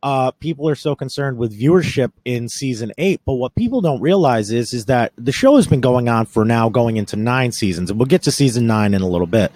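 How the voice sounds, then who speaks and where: A man's voice: mid-range voice, animated, a little fast, few pauses, darkish tone, no echo. A man hosting a podcast in casual chat, rambling with restarts and swearing. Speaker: podcast host.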